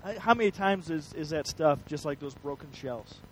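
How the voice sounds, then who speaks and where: A man's voice: fairly high pitch, expressive, normal speed, a bit bright, low-quality recording. A man preaching a sermon, telling a story in an earnest way with frequent restarts. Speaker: pastor.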